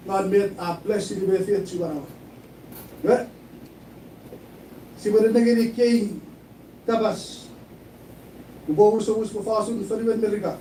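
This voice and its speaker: High-voiced preaching man in an echoey room. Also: steady tone, moderate pace, pauses often, mellow. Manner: preaching, mixing English with Chuukese, repeating phrases. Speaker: pastor. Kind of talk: sermon. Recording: echoey room, mic at a distance, faint noise.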